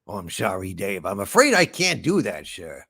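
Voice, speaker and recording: A meandering male spaceship computer, put on by a man, talks like a shambling detective. The voice is gravelly and husky, with a lively pitch. The sound is dry and close. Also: moderate pace, no room sound, exaggerated voice. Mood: calm, polite. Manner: meandering, polite, trails off with "sir". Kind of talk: comedy impression sketch.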